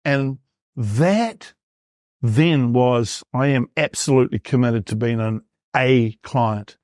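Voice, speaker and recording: In a studio-quality recording free of room sound, a fifties-aged performance coach from New Zealand recounts his journey during an interview, voicing his past thoughts aloud. He talks slowly in a mid-range, darkish voice.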